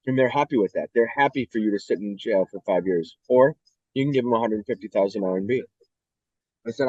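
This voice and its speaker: Middle-aged american guy, blunt and swears a lot, animated storyteller, dull lo-fi audio. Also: medium pitch, quick pace, dry recording. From United States. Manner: blunt, profane, animated retelling. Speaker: interview guest. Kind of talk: candid storytelling.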